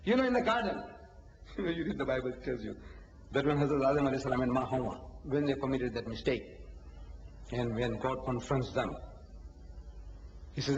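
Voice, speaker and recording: A man preaching an animated religious lecture, posing rhetorical questions, acting out dialogues and laughing at his own points. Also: mid-range voice, fairly quick, long pauses, a little hiss or hum. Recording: echoey hall, dull lo-fi archive tape.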